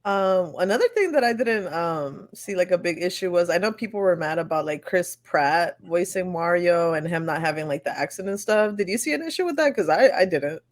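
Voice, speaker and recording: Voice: medium pitch, lively intonation, brisk, hardly any pauses. A young co-host in a casual podcast chat, talking in an easygoing, agreeable way full of slang and fillers.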